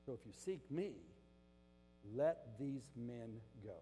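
A preacher voicing Jesus as a calm, commanding man who speaks low and hushed. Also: slow pace, in a large hall, slight background noise. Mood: quiet, firm. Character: calm commanding male Jesus figure, quiet, unshaken.

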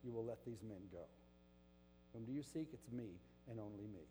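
A preacher voicing Jesus as a calm, commanding man who speaks low and hushed. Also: normal speed, in a large hall, soft background music, natural voice. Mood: quiet, firm. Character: calm commanding male Jesus figure, quiet, unshaken.

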